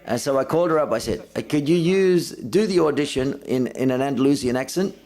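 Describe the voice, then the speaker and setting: A man interprets live at a film festival press conference, his voice sitting at an ordinary middle pitch for a man. He relays each speaker in the first person, and his voice rises whenever he voices someone's quoted words. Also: fast talker, a little mellow.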